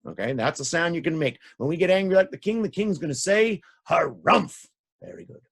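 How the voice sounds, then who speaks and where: A man's voice: on the high side, sing-song, fast. A man telling stories to children, playful and interactive, guiding his listeners through sound effects. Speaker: storyteller. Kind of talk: animated children's storytelling.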